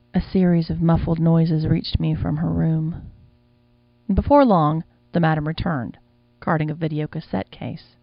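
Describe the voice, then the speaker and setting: A man's voice: a little high, creaky, no room sound. A man reading a first-person audiobook in a wry, casual storytelling manner. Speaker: audiobook narrator. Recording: dull lo-fi sound.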